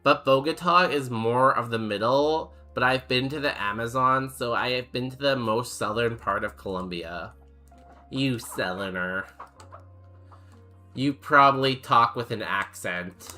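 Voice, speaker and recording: A man's voice: medium pitch, a little slow, pushed and bright, faint music behind. A young man streaming a game, chatting casually with his chat in a rambling, jokey way full of fillers. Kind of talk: casual chat while playing and reading chat.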